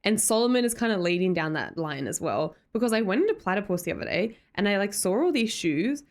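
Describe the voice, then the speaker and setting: A chatty young Australian woman talks casually to her livestream audience, reading out viewer comments as she goes. Her pitch sits in the middle range for a woman. She laughs easily and often corrects herself mid-sentence. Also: big pitch swings, fast talker. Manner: chatty and giggly, with frequent fillers and self-corrections. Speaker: livestream host.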